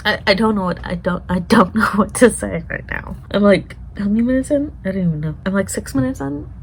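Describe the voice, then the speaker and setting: A woman's voice: mid-range voice, a little fast, a little hiss or hum, low-quality recording. A woman vlogger reacting to a TV show in casual chat, emotional and swearing often as she talks to herself.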